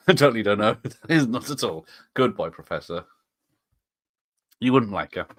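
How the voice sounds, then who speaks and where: A man's voice: lowish voice, expressive, moderate pace, fairly bright tone, no echo, studio quality. A man hosting a casual live stream, rambling and chuckling as he reads out viewers' chat comments.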